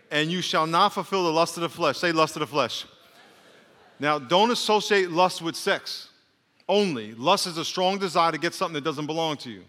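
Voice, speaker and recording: High, bright-voiced preaching man. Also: big-room sound. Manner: animated preaching with call-and-response, jokey asides. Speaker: pastor. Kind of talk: sermon. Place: church sanctuary.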